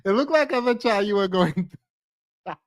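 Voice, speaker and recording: A man co-hosting a casual live-stream commentary, animated and laughing as he mocks chat commenters. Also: high-pitched, normal speed, dry recording.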